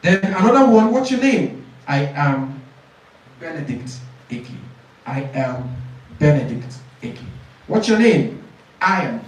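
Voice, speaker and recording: A man's voice: fairly high pitch, sing-song, takes it slowly, long pauses, a little hiss or hum. A man teaching an IELTS speaking class. He models exam answers, repeats phrases and keeps asking the class if they understand. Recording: very echoey room, speaker far from mic.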